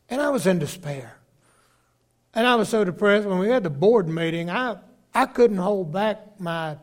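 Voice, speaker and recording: An older man, a bishop preaching a sermon, telling a story with halting restarts and acting out the voices of the people in it. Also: high-pitched.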